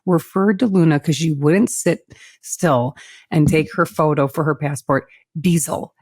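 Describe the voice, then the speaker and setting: A woman's voice: low voice, normal speed, a little mellow, slightly rough, no echo, clean studio sound. A woman co-hosting a podcast, talking candidly and emotionally about her own life, swearing freely, at times tearful. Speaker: podcast co-host. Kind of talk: casual chat.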